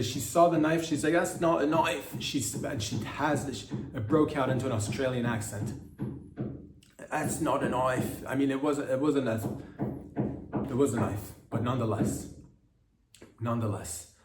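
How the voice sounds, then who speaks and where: A man hosting a comedy podcast, delivering a meandering satirical monologue full of halting restarts and mock-serious asides. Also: mid-range voice, darkish tone, a little hiss or hum. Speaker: podcast host. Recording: roomy echo, mic at a distance.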